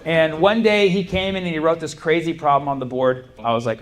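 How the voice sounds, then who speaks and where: A man's voice: medium pitch, fairly quick. A man doing a stand-up set, telling stories in a loose, rambling way with lots of fillers and restarts. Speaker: stand-up comedian. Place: comedy club stage. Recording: live club recording with steady background noise. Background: audience ambience.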